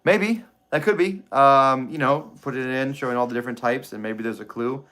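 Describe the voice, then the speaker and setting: A man's voice: medium pitch, moderate pace, a bit bright. A man hosting a live stream, thinking aloud over clues in a treasure-hunt book, reading short passages and replying to chat with many restarts.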